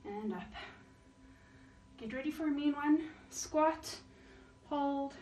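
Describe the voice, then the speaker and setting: Taking things slowly in a high-pitched voice, a yoga teacher calls out calm, counted cues for breathing and squats as she exercises along, a little winded. The recording has room echo, a distant mic, and faint hiss.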